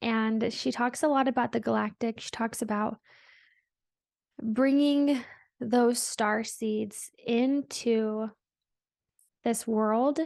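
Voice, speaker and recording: A woman's voice: a little high, fairly even intonation, slow, creaky, pauses often, no room sound, studio quality. A woman hosting a spiritual podcast, talking in a meandering, reflective way with many fillers. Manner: meandering, reflective, soft-spoken with frequent "like" fillers. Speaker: podcast host. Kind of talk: casual spiritual monologue.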